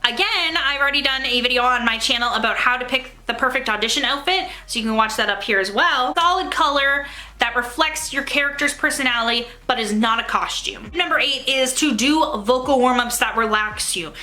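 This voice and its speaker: Young woman vlogger, high and bright, upbeat and emphatic, coaching on auditions. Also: brisk. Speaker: theatre YouTuber giving audition tips. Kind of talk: casual advice vlog.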